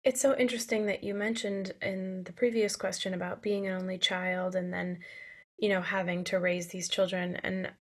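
A woman hosting a casual interview, curious and quick to laugh along while asking long questions. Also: medium pitch, flat delivery. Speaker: interview host.

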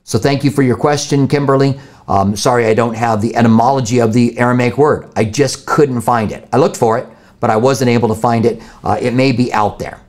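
A man's voice: medium pitch, fairly even intonation, fairly quick, darkish tone. Man, pastor, live Bible Q&A, casual, thinking aloud. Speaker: pastor answering viewer questions.

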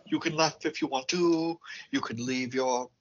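A man's voice: mid-range voice, moderate pace, lo-fi sound. A man co-hosting a podcast, trading short replies and dry puns in casual film talk. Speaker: podcast co-host.

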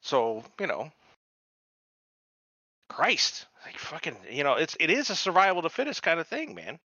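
A man's voice: on the high side, huge pitch swings, moderate pace, bright, forceful tone, breathy edge, no echo, dull audio. A man co-hosting a podcast, ranting in a casual and profane way about a TV episode. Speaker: podcast co-host. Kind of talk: casual TV recap chat.

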